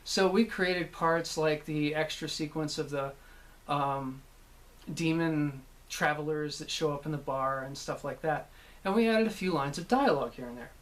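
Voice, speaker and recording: A man, a voice actor, casually recalling his work, rambling with many pauses and restarts. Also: on the high side, fairly bright tone. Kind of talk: casual anecdotal talk.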